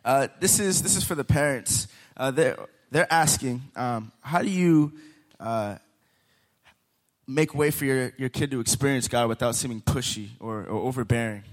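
A man's voice: medium pitch, normal speed. A man co-hosting a casual faith talk, reading a question with hesitant fillers.

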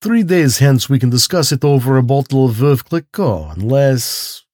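A man's voice: mid-range voice, expressive, normal speed, darkish tone, no echo, clean studio sound, pitched above the performer's own voice, lightly acted. A man reading a storybook, voicing a suave, courtly aristocratic hunter with polished, genteel speech and a slight lift in his voice. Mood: silkily menacing.

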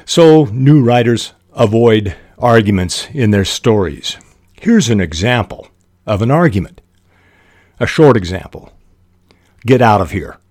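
A middle-aged man hosting a writing podcast, explaining fiction techniques in a measured way with short pauses. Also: mid-range voice, expressive, a little mellow, dry recording, clean studio sound. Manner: measured, reads examples aloud with short pauses. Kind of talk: instructional talk on fiction writing.

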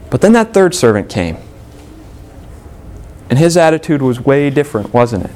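A man's voice: medium pitch, sing-song, normal speed, pauses often, darkish tone. A male preacher giving a sermon, emphatic and full of rhetorical questions.

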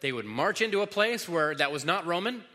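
A man's voice: sits high, lively intonation, fairly quick, sharp tone. A man preaching a sermon as pastor, teaching in a casual way full of fillers and restarts, in a large hall. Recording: long hall reverb.

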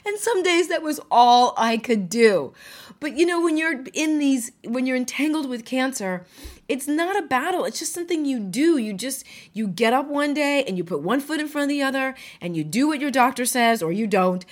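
A woman's voice: high-pitched, expressive, moderate pace. A widow speaking candidly and emotionally about her life, laughing often and swearing now and then. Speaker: widow sharing her story. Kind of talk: candid personal talk.

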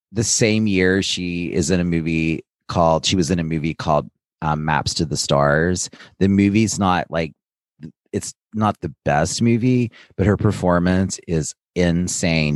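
A man with a low voice chats on a podcast, telling stories with enthusiasm and frequent laughter. The sound is dry and close, with no room around it. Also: no echo. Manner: chatty, laughs often, enthusiastic storytelling. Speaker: podcast co-host. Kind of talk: casual chat.

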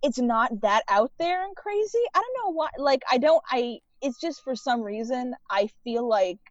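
A woman's voice: high voice, lively intonation, moderate pace, dry recording. A woman chatting casually as a podcast guest, full of "like" fillers. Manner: chatty, many "like" fillers, laughs often. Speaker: guest writer and filmmaker. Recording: dull muffled audio, dry.

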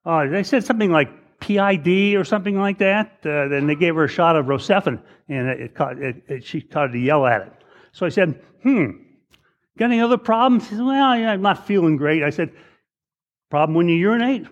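Middle-aged male physician, loose anecdotal lecturer, slightly high voice, many restarts. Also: brisk, muffled recording. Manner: conversational, repeats words, acts out patients in raised voice. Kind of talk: case-based medical lecture with anecdotes.

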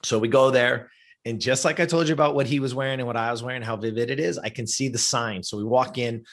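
A middle-aged man shares a personal story as an interview guest. He speaks in an earnest, conversational way, checking in with the listener through frequent asides. His pitch sits in an ordinary middle range.

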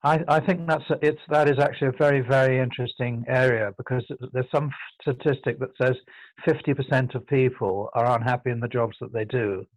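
A man's voice: mid-range voice, steady tone, no room sound, low-quality recording. An older man from England with a posh southern English accent, reflecting thoughtfully as an interview guest, often stopping to restart his sentences. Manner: thoughtful, halting, self-correcting.

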